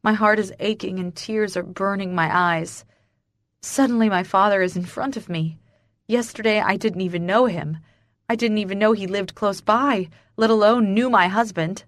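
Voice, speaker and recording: A woman's voice: medium pitch, a bit bright, dry recording, studio quality. A woman narrating a first-person romance audiobook in an emotional, breathless, intimate manner.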